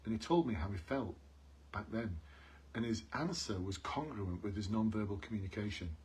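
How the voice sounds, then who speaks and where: A man's voice: lowish voice, moderate pace, darkish tone, slight background noise. A man coaching police job applicants on a live stream, earnest and repetitive, calling out to his viewers. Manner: earnest, repeats key points, calls out to viewers.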